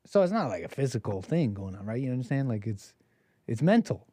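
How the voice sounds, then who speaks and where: A man's voice: mid-range voice, very animated, brisk, dark tone, dry recording, clean studio sound. A man hosting a call-in show, rambling in casual commentary with a mocking tone and frequent restarts.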